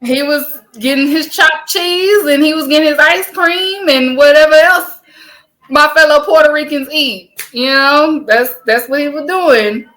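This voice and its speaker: A little slow and high-voiced, a woman with a Southern American accent co-hosts a casual podcast. She recounts stories with energy, breaks into laughter often, and swears casually.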